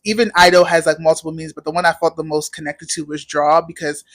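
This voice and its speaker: A woman's voice: low-pitched, little pitch movement, fast. A young woman talking as a guest on a casual interview podcast, rambling along with lots of "like" fillers. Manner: rambling, heavy use of "like" fillers. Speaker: podcast guest, knitwear designer.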